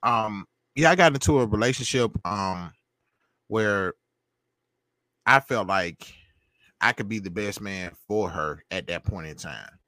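A man's voice: lowish voice, unhurried, long pauses, pushed and bright, dry recording. A man, a podcast guest talking in an emphatic, preachy way and often repeating himself. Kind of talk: opinionated casual talk.

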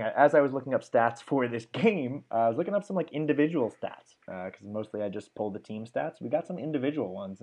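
A man's voice: on the low side, a little mellow. A young man hosting a sports podcast, chatting casually and reeling off stats with lots of fillers. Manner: enthusiastic, rattles off stats with fillers. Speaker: podcast host.

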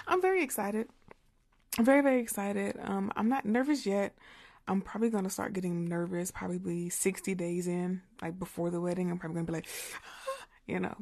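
Young woman ASMR creator, slightly hoarse, gravelly edge, loose chatty delivery, close studio mic. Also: mid-range voice, a little mellow. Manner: chatty, rambling, reads viewer comments aloud and laughs often. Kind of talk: casual livestream chat in her regular voice. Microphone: studio mic with pop filter.

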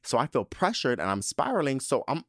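A man hosting his podcast, telling a story in an animated, dramatic and profane casual manner. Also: mid-range voice, a little fast, dry recording, studio quality. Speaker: podcast host.

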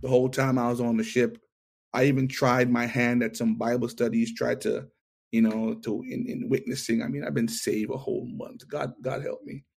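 A middle-aged man tells his testimony in an interview in a gravelly, husky voice. He talks in an animated way and acts out each line of dialogue. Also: medium pitch, normal speed. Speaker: interview guest.

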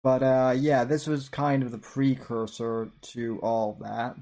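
A man's voice: mid-range voice, flat delivery, measured pace, dark tone. Rambling, self-mocking male podcaster. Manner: rambling, self-deprecating, restarts often. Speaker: podcast host. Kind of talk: casual reflective commentary.

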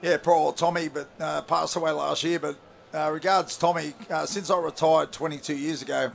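Aussie bloke, ex footy player, gravelly voice, bit high, chatty and laid-back. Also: male voice, steady tone, moderate pace, a little hiss or hum. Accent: Australian. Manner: laid-back, chatty, lots of fillers and restarts. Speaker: rugby league commentator, studio guest. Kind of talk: casual radio chat.

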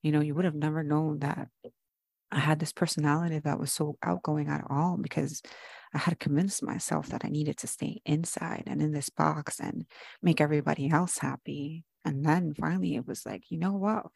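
A young woman co-hosting a podcast, speaking casually and expressively with loose, unfiltered swearing. Her voice has a gravelly fry to it. The room sounds close and dry. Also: low voice, flat delivery, normal speed, a little mellow, no room sound. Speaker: podcast co-host.

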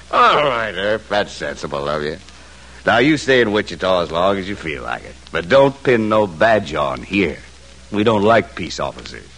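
A man's voice: deep voice, big pitch swings, moderate pace, a bit bright, heavily acted, low-quality recording. An actor in an old radio drama playing a menacing cowboy gunman who talks in a sneering, threatening drawl. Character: menacing bully gunman cowboy, adult man. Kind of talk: 1950s radio drama acting. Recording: old radio broadcast with faint noise.

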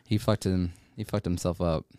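Low, mellow-voiced man rambling on a podcast. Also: fairly even intonation, normal speed, slight background noise. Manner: rambling, swears, stumbles over words. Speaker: podcast co-host. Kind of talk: casual podcast chat.

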